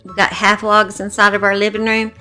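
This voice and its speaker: Bright-voiced chatty Southern woman. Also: medium pitch, level tone, fairly quick, smooth, faint music behind. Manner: chatty, blunt, salty-tongued. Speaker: true crime YouTuber. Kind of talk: casual chat to camera. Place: small backyard shed.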